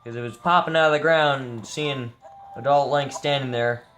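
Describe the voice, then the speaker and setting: A man's voice: medium pitch, normal speed, a bit bright, a little hiss or hum. A young man giving casual, rambling and profane gameplay commentary, sleepy and joking as he plays. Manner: tired, rambling, jokey and profane. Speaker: gameplay streamer.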